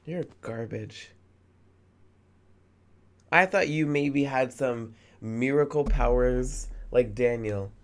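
A man's voice: mid-range voice, slow pace, few pauses. A man in his twenties giving let's play commentary, emphatic and indignant, often repeating words for effect. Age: 20s. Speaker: gamer.

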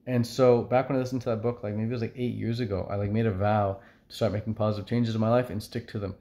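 A man's voice: on the low side, level tone, fast, dark tone. A man vlogging casually to camera, chatty and upbeat, with frequent fillers. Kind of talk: casual talking-to-camera vlog.

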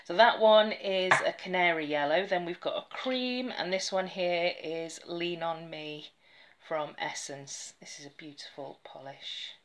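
A woman chatting casually to camera about nail polish, rambling a little and dropping into soft whispered asides. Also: fairly low pitch, a little slow, slight background noise.

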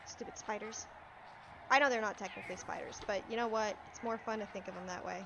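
A woman giving live commentary over her gameplay, excitable, yelping and talking back to the enemies on screen. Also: medium pitch, fast, slight background noise. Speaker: let's play streamer.

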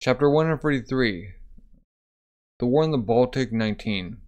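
Brief: male reader of a manga, relaxed, filler-heavy asides, mid-pitched voice. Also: normal speed, lo-fi sound. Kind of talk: reading a manga aloud.

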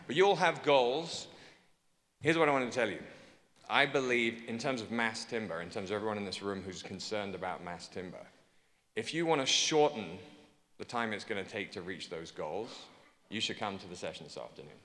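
A man with an English accent speaking to a conference audience, joking and persuasive, repeating his pitch for emphasis. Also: lively intonation, a little fast, fairly bright tone. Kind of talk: keynote speech to a conference audience. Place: large conference hall. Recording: long hall reverb.

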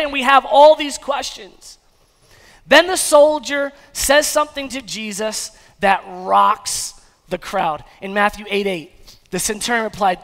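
High-voiced, gravelly male pastor preaching. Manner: energetic preacher, acts out the crowd's reactions; builds to rousing repeated questions. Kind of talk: sermon. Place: church. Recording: long church-hall reverb.

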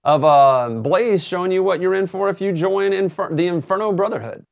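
A man hosting a casual game-highlights recap show, chatty and laughing easily. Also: moderate pace, creaky. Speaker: host.

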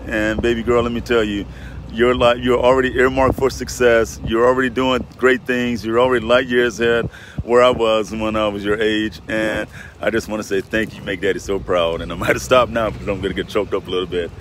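A man's voice: on the low side, level tone, fairly quick. A middle-aged man talking on a casual live vlog outdoors by a lake near a road, rambling and heartfelt, often repeating himself. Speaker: vlogger. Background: faint road traffic.

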